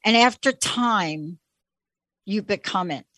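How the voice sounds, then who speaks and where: A woman's voice: mid-range voice, animated, takes it slowly, fairly bright tone, dry recording. A woman host in a casual chat, talking in an enthusiastic, folksy way.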